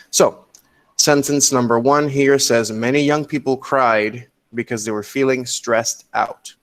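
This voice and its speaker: Male English teacher, online lecture over a computer mic, patient, explanatory, mid-pitched. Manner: patient, explanatory, keeps checking with "okay?". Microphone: computer mic on a video call.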